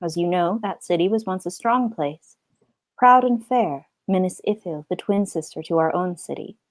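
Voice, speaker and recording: A woman reading aloud a book passage spoken by a solemn male captain, in a grave, measured way. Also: lowish voice, lively intonation, no echo, pitched below the performer's own voice, lightly acted. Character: solemn male captain telling old lore.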